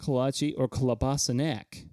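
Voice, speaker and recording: A man's voice: mid-range voice, fairly even intonation, a little slow, mellow, no room sound, studio quality. A man co-hosting a casual podcast chat, reading out fun facts with enthusiasm and stumbling over words now and then. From Kansas. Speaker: podcast co-host.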